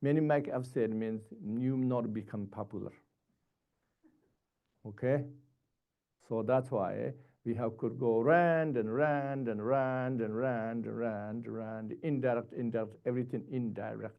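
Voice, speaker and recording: A man giving a Buddhist dharma teaching in short, halting, repetitive phrases. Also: medium pitch, steady tone, creaky, muffled recording.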